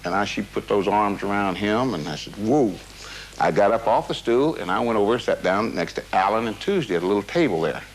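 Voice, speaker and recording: A man's voice: fairly low pitch, animated, fast talker, hardly any pauses, slight background noise, rough recording. A man being interviewed, recounting a personal memory in a rambling, casual way with many fillers and restarts. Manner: casual, drops "man" into his talk.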